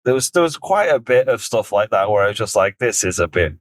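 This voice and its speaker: Animated man reacting to a film, dry mic. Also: fast, dry recording. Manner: animated, rises high when quoting his own reactions. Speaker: film podcast co-host. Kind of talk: casual film review chat.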